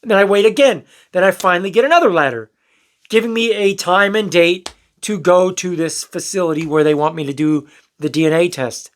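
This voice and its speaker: This is a young male vlogger telling his own story to camera in a loose, honest, wandering way. He drops the occasional swear and voices the quoted lines himself, speaking in a high pitch at a slightly fast clip.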